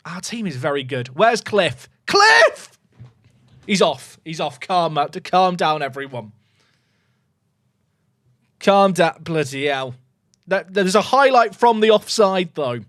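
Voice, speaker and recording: A young man commentates his football management game live for his chat, his high voice leaping wildly between loud cheering and low muttered asides. His intonation is lively and his pace a little slow. The recording is close and dry, with no room sound.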